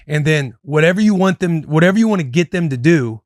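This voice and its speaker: A man's voice: on the high side, lively intonation, a little fast, no room sound, clean studio sound. A man in his thirties hosting a podcast, giving advice in loose, casual chat and calling himself "your boy". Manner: loose and chatty, calls himself "your boy", speaks to listeners as "boys". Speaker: podcast host.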